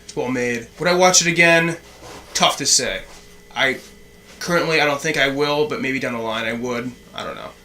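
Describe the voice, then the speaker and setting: Young male co-host, crisp bright voice, plainspoken takes in casual chat. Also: medium pitch, moderate pace, a little hiss or hum. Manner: blunt, short opinions. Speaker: podcast co-host.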